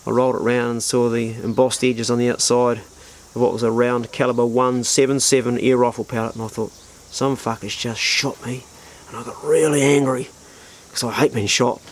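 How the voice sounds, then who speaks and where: A man's voice: medium pitch, little pitch movement, brisk, slight background noise. A middle-aged man telling a vivid, profane personal story in a casual spoken style. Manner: colourful, vivid, swears freely. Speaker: storyteller, channel host.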